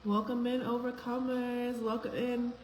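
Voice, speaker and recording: A woman's voice: on the high side, flat delivery, a little slow, faint music behind. Upbeat woman hosting a live stream, roomy. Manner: warm, affectionate, greets viewers by name. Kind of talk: casual live-stream chat greeting viewers. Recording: echoey room with faint background noise.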